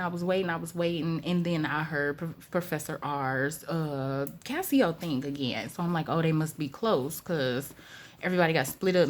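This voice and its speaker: A woman with a somewhat low voice narrates a storytime vlog in a casual, chatty way. She talks in animated, slangy phrases and repeats herself for emphasis. She laughs now and then. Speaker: storytime vlogger.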